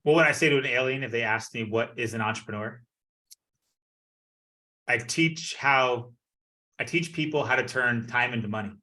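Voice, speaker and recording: Bright-voiced man answering on a call. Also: medium pitch, moderate pace, pauses often. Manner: short plain answers. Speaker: participant. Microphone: video call.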